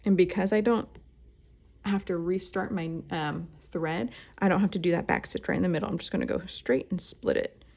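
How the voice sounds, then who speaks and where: Fairly low-pitched, creaky and darkish in tone, an embroidery instructor talks at a moderate pace while stitching at home indoors. Her tutorial is casual, chatty and self-deprecating.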